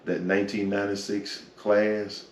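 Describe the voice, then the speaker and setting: A man's voice: on the low side, level tone, moderate pace. A man in his forties giving a reflective personal testimony in an interview, dropping "man" and "you know" as he goes. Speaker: interview guest. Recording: echoey room, from far off, faint noise.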